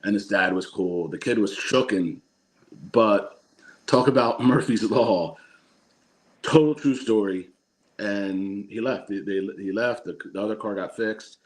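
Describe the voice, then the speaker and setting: A man's voice: on the low side, unhurried. A man in casual podcast chat, telling funny anecdotes and laughing as he acts out what people said. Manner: laughs through his stories, quotes people.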